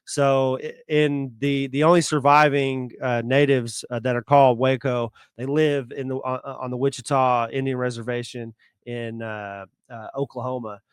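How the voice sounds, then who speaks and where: A man's voice: mid-range voice, little pitch movement, normal speed, clean tone, no room sound, clean studio sound. A man co-hosting a podcast, explaining local history in a casual, hesitant way. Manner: hesitant, many fillers and restarts. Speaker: podcast co-host.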